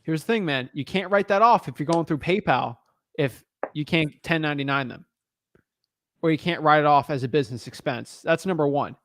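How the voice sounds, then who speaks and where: A man's voice: fairly high pitch, fairly quick, fairly bright tone, no room sound. A man coaching on real estate wholesaling, blunt and casual, calling people man and dude. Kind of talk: casual advice on a call.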